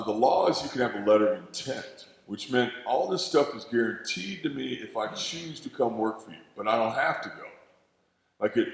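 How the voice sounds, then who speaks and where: Gravelly man, fifties, animated storyteller, sound effects, long arena reverb. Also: mid-range voice. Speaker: retired pro wrestler interviewee. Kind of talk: storytelling interview.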